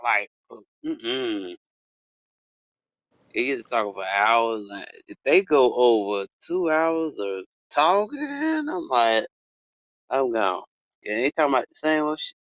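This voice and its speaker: A man co-hosting a casual chat podcast, rambling loosely and swearing, with sudden high exclaims. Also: a bit bright, no echo. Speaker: podcast co-host. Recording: dull lo-fi sound.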